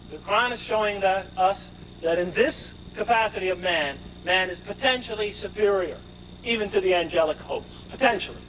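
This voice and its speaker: High-voiced man lecturing emphatically. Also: fairly bright tone, slight background noise, poor audio. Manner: emphatic, explanatory, poses rhetorical questions. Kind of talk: scripture lecture.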